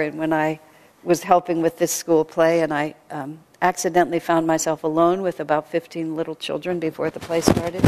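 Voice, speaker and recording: A woman's voice: low-pitched, a little mellow. A woman giving a spiritual talk, telling stories with laughter and acting out quotes. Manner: storytelling with laughter and acted-out quotes. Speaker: spiritual speaker. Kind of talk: sermon. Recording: long reverb of a large hall.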